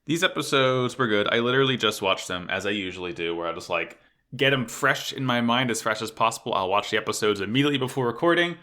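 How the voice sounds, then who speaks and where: A man co-hosting a podcast, chatting excitably and swearing often. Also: mid-range voice, fast. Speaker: podcast co-host. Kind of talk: casual chat.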